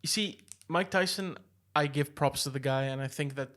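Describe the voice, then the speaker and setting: A man's voice: fairly high pitch, normal speed. Upbeat man telling stories casually. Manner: animated storyteller, slangy, says "bro" and "like". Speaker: podcast co-host. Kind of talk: casual chat.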